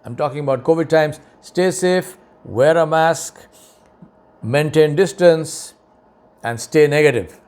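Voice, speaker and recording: A man's voice: measured pace, a little mellow, clear, resonant tone. A middle-aged man giving an earnest, emphatic advice talk, repeating key points for stress. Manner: mocking quoted voices in a higher tone. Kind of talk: lecture-style advice talk.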